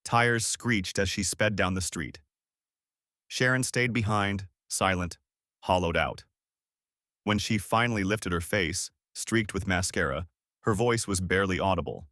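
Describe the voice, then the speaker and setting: A man reading a first-person story aloud as scripted narration, with dramatic, expressive delivery. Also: low voice, a little slow, no echo, studio quality.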